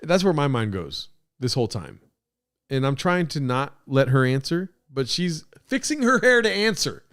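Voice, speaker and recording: A man hosting a podcast, reacting to a clip with crude, excitable, rambling commentary. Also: mid-range voice, normal speed. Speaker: podcast host.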